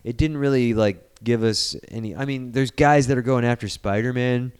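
Swearing, animated man reviewing a movie. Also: mid-range voice, normal speed, clean tone. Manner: animated retelling, acts out scenes, swears freely. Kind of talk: casual movie review chat.

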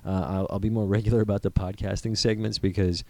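A man with a low, dark voice co-hosts a casual podcast, loose and joking, with plenty of swearing. The sound is dry and close. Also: level tone, fast, no room sound. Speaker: podcast co-host.

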